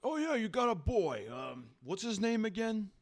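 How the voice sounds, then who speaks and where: A man's voice: sits high, sing-song, moderate pace, pitched above the performer's own voice. A man voicing a lazy, dismissive middle-aged male office boss who talks with his mouth full, heard a little off the mic. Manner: talks with a mouthful, brushing people off.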